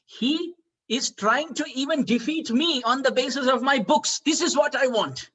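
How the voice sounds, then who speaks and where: A man voicing an elderly male spiritual master who is pleased and full of praise, speaking slowly and emphatically. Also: extremely high pitch, fairly bright tone, husky, pitched above the performer's own voice, full character voice. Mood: delighted.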